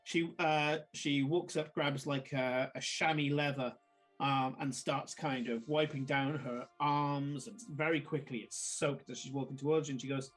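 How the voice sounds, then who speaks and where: A man narrating a tabletop game as game master, in a halting, filler-heavy way. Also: medium pitch, fairly even intonation, fairly bright tone, breathy edge, faint music behind. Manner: halting, lots of fillers and restarts.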